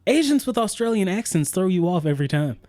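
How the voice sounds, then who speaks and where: Guy co-hosting a podcast, warm mellow voice, swears a lot, animated riffing. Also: sits high, quick pace, no echo. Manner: profane, animated riffing with acted-out quotes. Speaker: podcast co-host. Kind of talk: casual chat.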